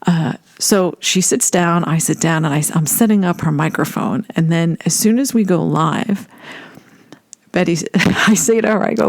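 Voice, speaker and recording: A woman telling a personal story in an animated way, laughing often as she recalls a first meeting. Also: fairly low pitch, normal speed, vocal fry, no echo, studio quality.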